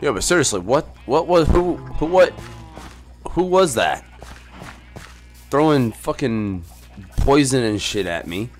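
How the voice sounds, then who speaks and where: Excitable, swearing gamer man. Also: unhurried, long pauses, faint music behind. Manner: excitable and profane, yelping in high pitch when startled. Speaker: gaming YouTuber. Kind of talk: Minecraft let's play commentary.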